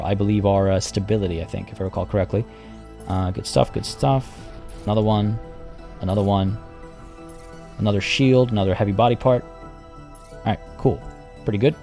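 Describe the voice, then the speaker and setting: Male streamer, mid pitch, talks through his moves to chat, voice worn from hours live, light music under. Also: dark tone. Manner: thinks aloud, chatty with viewers. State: losing his voice. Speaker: game streamer. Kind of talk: live gameplay commentary.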